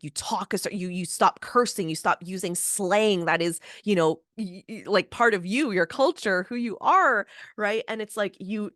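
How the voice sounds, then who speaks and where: A woman business coach talking in a casual, animated motivational monologue, often asking "right?". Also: lowish voice, no echo, studio quality. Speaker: business coach and podcast host.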